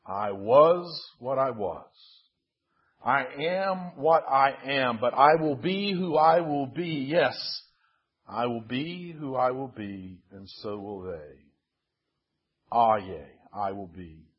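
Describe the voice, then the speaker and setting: A man voicing God as a solemn divine voice that speaks in a low, hushed, repetitive chant. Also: animated, slow pace, slightly rough, lo-fi sound.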